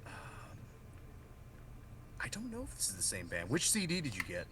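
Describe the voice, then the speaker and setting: Young man, lowish voice, podcast co-host, rambling and hedging, faint background hiss. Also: wildly swooping pitch, moderate pace. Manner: rambling, hedging, self-interrupting. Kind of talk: casual chat.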